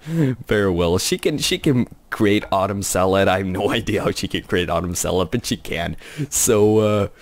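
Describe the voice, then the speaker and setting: A young man hosting a game let's play, talking quietly and rambling, with frequent repeated phrases and chuckles. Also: deep voice, normal speed, no echo. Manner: hushed, talking quietly so as not to wake someone. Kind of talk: casual game commentary.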